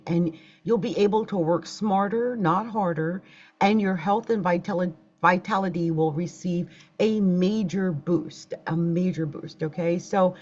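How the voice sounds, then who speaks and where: A woman's voice: fairly low pitch, a little mellow. A woman hosting a casual astrology livestream, chatting straight to her viewers. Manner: chatty, talks straight to viewers, gets flustered by tech trouble. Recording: dull lo-fi livestream audio.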